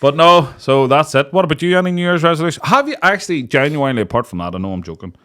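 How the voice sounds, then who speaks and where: A man's voice: fairly high pitch, fast talker. A man in his late thirties with a Northern Irish accent, hosting a podcast and telling crude stories with lots of laughter. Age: late 30s. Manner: laughing storyteller, crude jokes, lively. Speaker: podcast host. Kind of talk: casual chat.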